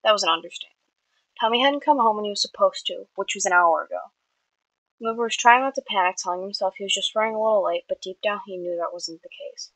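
A woman reads her own fiction aloud at a middle pitch, in a plain manner with small slips and fixes. The recording is dry and close, with no room sound. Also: fast, fairly bright tone, no room sound, low-quality recording. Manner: plain reading with small slips and self-corrections. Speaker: fiction reader.

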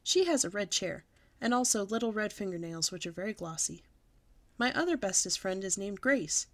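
A woman at storytime, reading a children's book aloud in a lively, childlike first-person way. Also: mid-range voice, normal speed. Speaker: storytime reader.

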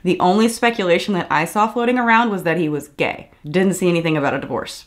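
A woman in her thirties giving casual reaction commentary on a video clip, animated and sarcastic, with exasperated asides. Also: on the low side, fast talker, few pauses. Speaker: commentary vlogger.

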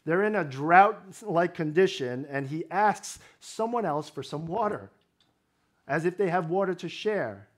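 A man's voice: a little high, lively intonation, measured pace. A male pastor preaching a sermon, explaining scripture in a conversational way with wry humor.

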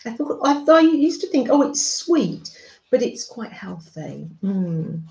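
Brief: unhurried middle-aged British woman, motherly craft streamer, roomy dull home audio. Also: mid-range voice, very animated, gravelly. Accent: British English. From Britain. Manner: soft, motherly, chatting to viewers with frequent little laughs. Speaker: craft livestream host. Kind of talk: gentle chatty livestream.

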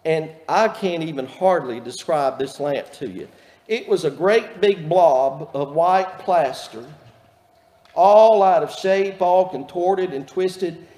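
A man's voice: a little high, slow pace, dark tone. A man, a pastor preaching a sermon in a folksy, earnest storytelling manner. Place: church sanctuary. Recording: echoey church hall reverb.

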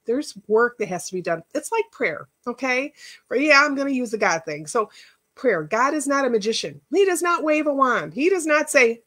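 A woman's voice: a little high, very animated, normal speed, fairly bright tone. A middle-aged woman life coach giving a casual workshop talk, earnest and emotional, chatty with many asides. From Northwest Indiana, United States.

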